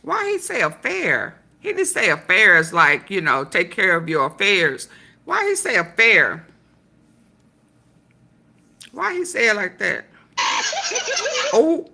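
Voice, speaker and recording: Sassy slow-talking woman vlogger. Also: fairly low pitch, huge pitch swings, creaky, pushed and bright. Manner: sassy, laughing asides to viewers. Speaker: news commentary vlogger. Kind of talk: casual commentary to viewers.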